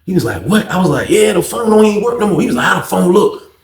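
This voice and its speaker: A man with a slightly high voice tells a long casual story full of slang and curses. He acts out the other people in it, leaping in pitch for their lines. The room adds a noticeable echo. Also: quick pace. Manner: animated, acts out voices with big pitch jumps, heavy slang and cursing. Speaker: storyteller host. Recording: roomy echo.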